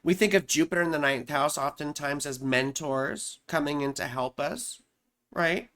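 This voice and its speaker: A woman's voice: low voice, normal speed, a bit bright. A woman astrologer explaining horoscopes in a loose, chatty way, often saying "you know" and "right?".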